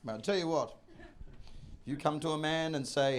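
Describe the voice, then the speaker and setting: A middle-aged man doing a stand-up comedy set, loud and profane, breaking into shouted high put-on voices. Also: moderate pace, a little hiss or hum.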